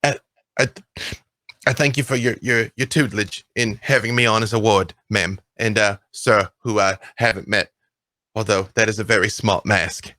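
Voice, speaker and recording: A man's voice: on the low side, fairly even intonation, normal speed, sharp tone, no echo. A man voicing a nervous young boy who stammers and hesitates politely. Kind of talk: tabletop role-play voicing.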